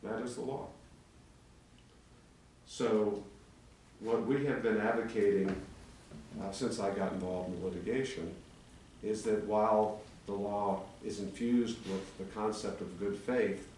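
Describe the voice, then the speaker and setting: A man's voice: fairly low pitch, steady tone, measured pace, darkish tone. A man in his sixties, an attorney, presenting a legal argument to a town commission in a formal public meeting. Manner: argumentative, building a legal case. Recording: echoey chamber, distant mic, faint hum.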